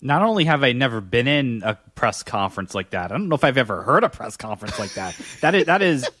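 Emphatic male radio producer, fast. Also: medium pitch, sing-song, a bit bright, slightly rough, dry recording, studio quality. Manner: emphatic, amazed. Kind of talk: casual chat on sports radio.

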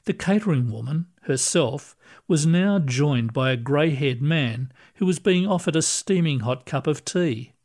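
Slow, calm male story reader. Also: a little high. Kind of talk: scripted narration.

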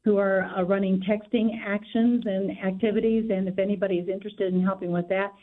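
A woman of middle pitch calls into a radio show and lists details in a steady, informative way. Her voice comes through a narrow, tinny phone line. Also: a little fast. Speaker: guest, local party volunteer organizer. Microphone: telephone.

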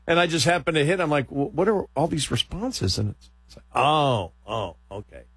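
A man's voice: on the high side, animated, normal speed, a bit bright, slightly rough, no echo. A middle-aged man, a radio host and podcaster, chatting casually, rambling and laughing as he quotes himself. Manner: rambling, laughing, self-quoting.

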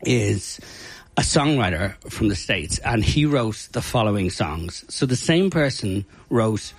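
An Irish man who organizes a music night, telling stories in a casual interview in an animated, chatty way full of fillers. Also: on the low side, measured pace, breathy edge, no echo.

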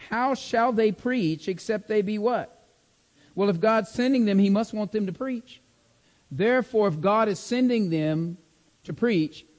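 High-voiced man teaching a sermon. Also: a little mellow, long reverb tail. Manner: emphatic, repeats phrases, checks in with "okay?". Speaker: preacher. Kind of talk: sermon-style Bible teaching.

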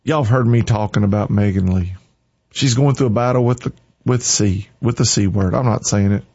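A man's voice: lowish voice, moderate pace, darkish tone, husky. Fervent man preaching, lo-fi sound. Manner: fervent, punchy repeated exhortations. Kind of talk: informal exhortation sermon. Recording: slightly dull lo-fi recording.

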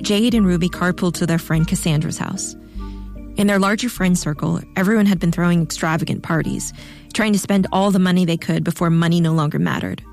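Low gravelly woman narrating a story. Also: brisk, darkish tone, faint music behind. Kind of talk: audiobook narration.

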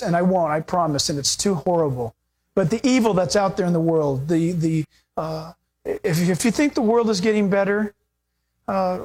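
Animated male pastor preaching a sermon. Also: high voice. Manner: animated, acts out quoted voices with laughter.

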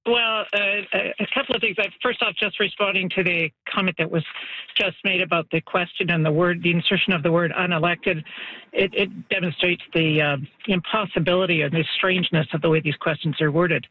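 Male caller, high voice, hesitant, phone line. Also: steady tone, a little fast. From Edmonton. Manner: hesitant, polite. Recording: tinny phone line with noise.

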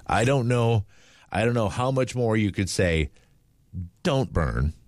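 A man's voice: medium pitch, moderate pace, a little mellow, no echo. A man hosting a casual morning radio show, rambling with fillers and restarts. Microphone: studio microphone.

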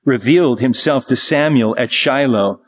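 A man preaching a sermon who reads scripture slowly and then builds to emphatic repetition. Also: medium pitch, slightly rough.

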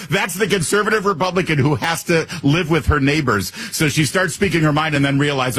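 Husky-voiced male talk radio host. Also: medium pitch, moderate pace, a bit bright, dry recording. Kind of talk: talk radio commentary and ad reads.

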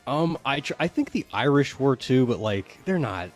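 A man co-hosting a show, going through trending news topics in a low-key, matter-of-fact way. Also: sing-song, normal speed, faint music behind. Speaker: co-host presenting trending topics. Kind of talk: casual news rundown.

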